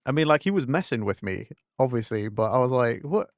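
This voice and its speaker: A man's voice: mid-range voice, a little fast, no echo, clean studio sound. A man from England with an English accent, chatting casually on a game stream and acting out conversations as he rambles on. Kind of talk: casual live-stream chat.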